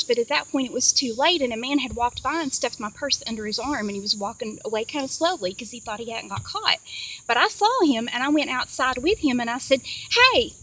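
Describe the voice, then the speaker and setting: A chatty woman with a slightly high voice tells a long story in a rambling way. She is sitting in a parked car and talks into a handheld phone camera. Faint hiss and insect noise sit behind her voice. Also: a bit bright, low-quality recording. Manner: chatty, rambling, many fillers and asides. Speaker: vlogger sharing dreams. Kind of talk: casual storytelling vlog. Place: inside a parked car on a hot day.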